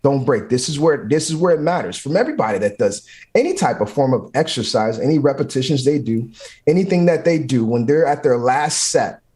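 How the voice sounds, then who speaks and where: A man's voice: medium pitch, lively intonation, fairly quick, darkish tone. Man, firefighter guest, motivational, intense, repetitive punchy phrasing, video call. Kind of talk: motivational interview talk.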